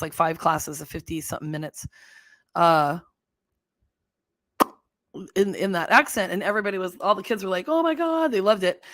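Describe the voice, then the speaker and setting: A woman's voice: lowish voice, a bit bright, no room sound. A middle-aged woman hosting a casual livestream, chatty and rambling, laughing often as she fumbles with her settings. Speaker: livestream host.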